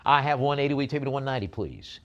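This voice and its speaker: A man runs a live auction, calling out bids at a brisk clip and coaxing bidders to go higher. His voice sits at an ordinary middle pitch, and he drops in light jokes between the numbers. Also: lively intonation, highs cut off. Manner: brisk bid calling with jokey asides.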